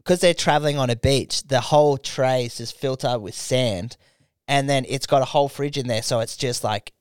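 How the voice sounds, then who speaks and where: A man's voice: moderate pace, smooth, no echo, studio quality. Sweary young man telling stories. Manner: rambling storyteller, sweary, acts out quotes in high voices. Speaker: podcast co-host. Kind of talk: casual podcast chat.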